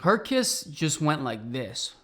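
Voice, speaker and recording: A man with a bright, slightly high voice tells a funny personal story while he cooks. He talks in a lively, chatty way and laughs often. He sounds like he is in a home kitchen. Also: takes it slowly. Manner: animated, laughing, conversational. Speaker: host. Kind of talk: comic storytelling while cooking.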